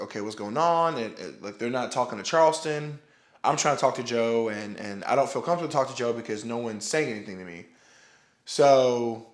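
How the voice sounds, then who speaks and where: A young man recounting a story straight to the camera in a loose, rambling way, circling back with restarts and filler words and the odd curse. His voice sits at an ordinary middle pitch. The room around him rings with a noticeable echo. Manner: rambling, many restarts and "like", swearing. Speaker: powerlifter telling a story. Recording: roomy echo.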